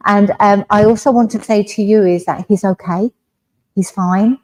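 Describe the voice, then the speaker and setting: An English woman giving a mediumship demonstration in a village hall, talking gently and reassuringly and often checking in with "all right?". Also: mid-range voice, steady tone, normal speed.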